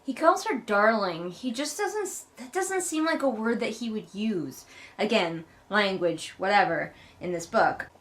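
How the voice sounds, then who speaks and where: A woman's voice: medium pitch, animated, unhurried, fairly bright tone. A woman giving a casual, comedic book recap, sarcastic and mocking, swearing casually. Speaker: book reviewer.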